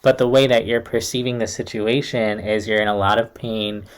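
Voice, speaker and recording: A man's voice: fairly low pitch, steady tone, moderate pace. Chatty young man giving a tarot reading. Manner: chatty, reassuring, uses many fillers like "like" and "kind of". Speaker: tarot reader. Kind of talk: casual tarot reading to camera.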